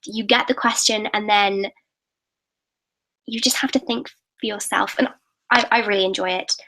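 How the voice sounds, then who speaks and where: A woman's voice: mid-range voice, steady tone, moderate pace, bright, forceful tone, poor audio. A teenage girl from England, chatting eagerly to viewers in a live question-and-answer stream, often restarting her sentences. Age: late teens. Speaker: YouTuber hosting a live Q&A. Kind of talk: casual live-stream chat.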